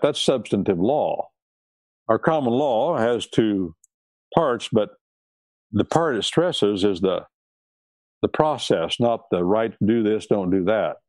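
Man, preacher, emphatic sermon delivery, lively swooping pitch, dry close sound. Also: no room sound. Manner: emphatic, repeats key words. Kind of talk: sermon on law and scripture.

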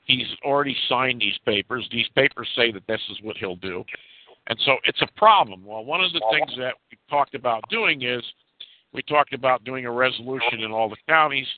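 A man's voice: medium pitch, fairly quick, no room sound. Rambling man on a phone line. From New York State. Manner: rambling storyteller, restarts often. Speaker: caller. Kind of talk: conference call chat. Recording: tinny phone line, dry.

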